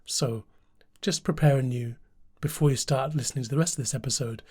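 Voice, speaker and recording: A man hosting a podcast, introducing the episode and interviewing a guest in a calm, reassuring way. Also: medium pitch, fairly quick, husky. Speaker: podcast host.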